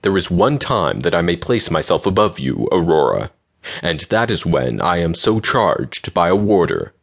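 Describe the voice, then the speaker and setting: A man's voice: deep voice, big pitch swings, moderate pace, gravelly, heavily acted. A man voicing a stern, commanding young unicorn stallion in an audiobook.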